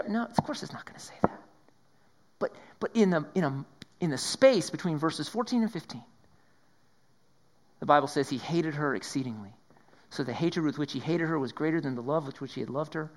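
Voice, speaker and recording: A man preaching a sermon, swinging between raised emphasis and hushed whispers and often repeating his words. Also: fairly high pitch, lively intonation, normal speed, pauses often. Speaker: pastor.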